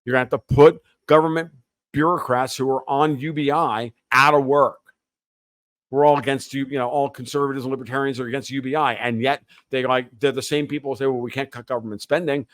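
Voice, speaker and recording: A man's voice: medium pitch, fairly even intonation, brisk, fairly bright tone, no room sound. A man talking as a podcast guest in a heated, opinionated rant, profane and sarcastic. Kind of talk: heated opinionated interview talk.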